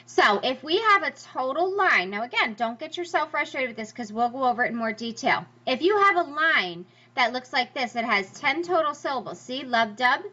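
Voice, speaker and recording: A bright, high-pitched woman teaching a class, her voice bouncing up and down as she sounds out rhythms. The recording is a little dull and lo-fi. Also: moderate pace, few pauses. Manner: lively, emphatic, sing-song stress demonstrations. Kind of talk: classroom lecture over slides.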